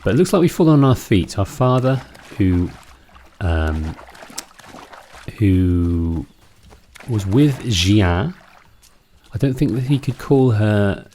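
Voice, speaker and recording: A man's voice: sits low, mellow, slight background noise. A man hosting a let's play, chatting casually and musing aloud about what he sees in a game. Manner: musing, chatty, with fillers and restarts. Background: game music.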